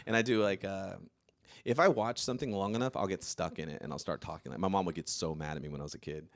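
A man's voice: sits low, fast talker, no room sound, studio quality. A young man, a comedian guest, telling stories in casual chat, stammering, rambling and laughing often. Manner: rambling, stammering storyteller who laughs often and slips into impressions.

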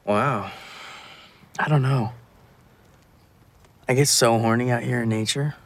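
A man's voice: mid-range voice, slow pace. An actor playing an easygoing, careless young man in film dialogue, offhand and casual.

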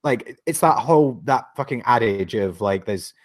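A man's voice: medium pitch, expressive, moderate pace. Sweary rambling male podcast co-host. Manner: rambling, sweary, laughs often. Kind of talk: casual chat.

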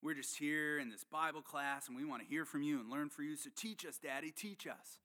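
A man's voice: fairly high pitch, a little fast, bright, forceful tone. A man voicing a laid-back young male surfer student with a California surfer accent, praying in an easygoing, overly casual way. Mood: breezy.

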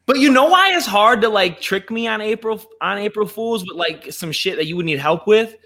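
Man, podcast co-host, bright, lively casual chat, slangy. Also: sits high, moderate pace. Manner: animated, joking, slangy.

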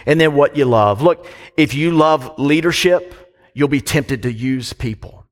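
A man's voice: fairly high pitch, a little slow, long reverb tail. A man preaching a sermon as pastor, conversational and full of questions to the congregation.

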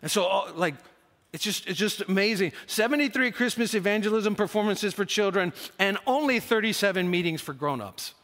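A man's voice: sits high, lively intonation, brisk, a bit bright. A male pastor preaching with enthusiasm, repeating key points for emphasis in a large church hall. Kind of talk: sermon. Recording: long hall reverb.

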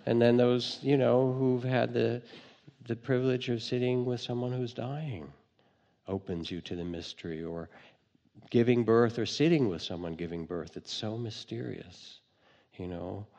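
A man giving a dharma talk as a meditation teacher, telling stories gently with light humor. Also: mid-range voice, unhurried, creaky, in a large hall, muffled recording.

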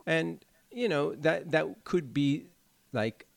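A man's voice: a little high, takes it slowly, gravelly, dry recording. A man co-hosting a podcast in casual chat, earnestly explaining things at length. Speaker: podcast co-host.

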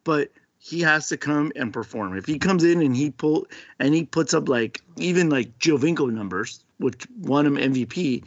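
Male podcast co-host, steady explainer, muffled dry recording. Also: fairly high pitch, normal speed, few pauses, no echo. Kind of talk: casual soccer talk. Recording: dull lo-fi, dry sound.

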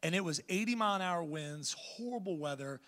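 High bright-voiced man preaching in a hall. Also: fairly quick. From United States. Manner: animated storytelling, swelling to loud preaching. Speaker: pastor. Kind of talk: sermon.

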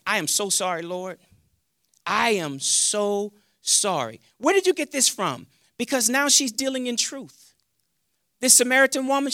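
A man preaching a sermon as pastor, animated and playful, acting out his talks with God and joking with the congregation on a handheld mic. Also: extremely high pitch, dry recording, studio quality.

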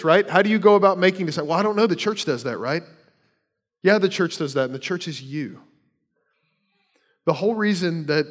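A man preaching a sermon as a church pastor, conversational, with rhetorical questions and casual asides. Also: a little high.

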